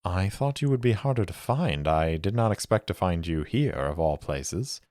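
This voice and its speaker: A man playing a sly, smooth-talking male mercenary with courteous, measured speech. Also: low voice, expressive, darkish tone, dry recording, studio quality.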